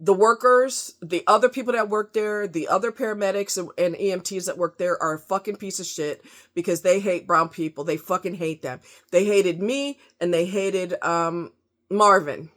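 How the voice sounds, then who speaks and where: A woman's voice: on the low side, normal speed, a bit bright. A woman ranting angrily to camera, cursing heavily with heated, emphatic delivery. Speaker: vlogger. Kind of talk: angry rant to camera.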